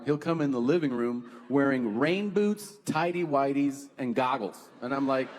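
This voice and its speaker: A man's voice: medium pitch, normal speed, few pauses, a little hiss or hum. A man performing a stand-up comedy set, telling stories and acting out what people said. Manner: animated storytelling with acted-out quotes. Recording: live stage mic with hall reverb. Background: audience laughter.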